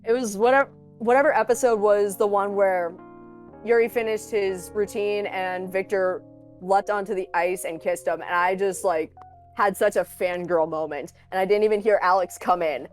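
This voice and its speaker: Animated female guest telling stories. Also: medium pitch, normal speed, faint music behind. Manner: animated storyteller, acts out quotes, laughs often. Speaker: content creator guest. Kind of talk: casual interview chat.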